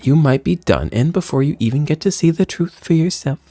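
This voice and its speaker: A man reading out a video game's dialogue in a put-on deep voice, playing a solemn former member of a villain group. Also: animated, a little fast, warm tone, dry recording, faint music behind. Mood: ominous. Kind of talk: reading game dialogue aloud.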